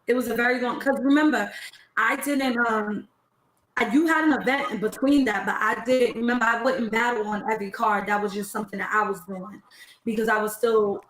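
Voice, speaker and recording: Woman talking easygoing over an echoey call. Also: fairly high pitch. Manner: relaxed, unhurried, with many restarts and fillers. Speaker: guest battle rapper. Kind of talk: casual interview. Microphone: video call.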